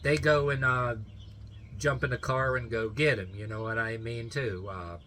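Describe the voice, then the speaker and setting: Guy rambling thru a story, bright voice, keeps trying not to laugh, little bit of hiss behind. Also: mid-range voice, moderate pace. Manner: rambling, full of fillers and restarts, stifling laughter. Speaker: vlogger telling a story.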